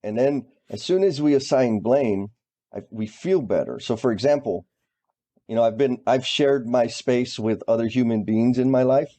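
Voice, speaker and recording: A man's voice: medium pitch, normal speed, dark tone. A man co-hosting a podcast, talking casually and reflectively. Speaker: podcast co-host. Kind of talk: casual chat.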